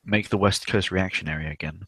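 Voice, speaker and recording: Brief: young man, low voice, dry close mic, loose sweary rambling host. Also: steady tone, fairly quick, a bit bright, husky, dry recording. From South West England. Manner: rambling and sweary, many fillers. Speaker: stream host. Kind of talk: casual livestream chat.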